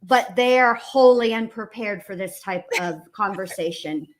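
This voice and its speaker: Measured, plainspoken woman co-host. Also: mid-range voice. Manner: measured, reasoning, plainspoken with folksy phrases. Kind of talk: casual commentary chat.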